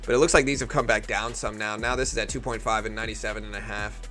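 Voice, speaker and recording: A man's voice: lowish voice, fast, soft background music. A man from near New Orleans with a faint Louisiana accent, chatting casually on a live day-trading stream and answering chat. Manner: relaxed, thinking aloud, answering chat. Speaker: day-trading livestream host.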